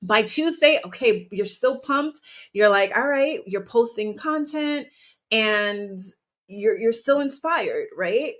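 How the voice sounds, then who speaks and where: A woman's voice: a little high, lively intonation, slow, fairly bright tone. A woman hosting her own podcast as a business coach, talking energetically to listeners in a motivational style and often asking them questions. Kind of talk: motivational solo podcast talk.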